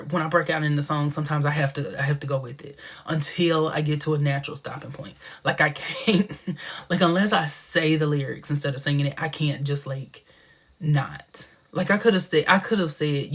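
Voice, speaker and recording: A man hosting a casual live stream, talking in a sassy, chatty way with a big booming laugh. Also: breathy edge. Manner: sassy, chatty, drawn-out expressive delivery.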